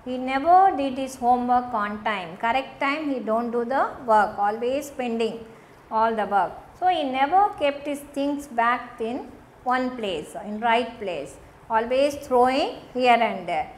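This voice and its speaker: A woman's voice: a little high, animated, measured pace, echoey room, a little hiss or hum. A woman teacher with an Indian English accent, explaining a story lesson to young children, repeating and rephrasing as she goes. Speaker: school teacher. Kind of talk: recorded classroom lesson.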